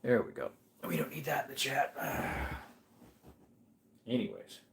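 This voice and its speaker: A man's voice: medium pitch, animated, unhurried, slight background noise. A man hosting a casual livestream from home, chatting in a laid-back way and answering viewer comments. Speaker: livestream host reading chat. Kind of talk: casual live-stream chat. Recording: echoey room.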